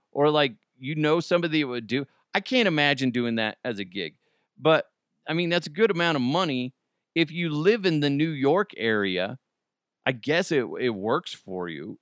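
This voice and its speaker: A man's voice: fairly high pitch, fairly bright tone, smooth, no room sound, clean studio sound. A man from Colorado hosting a casual podcast, rambling and joking at his own expense. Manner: rambling, self-deprecating, jokey asides. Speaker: podcast host. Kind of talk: casual solo chat.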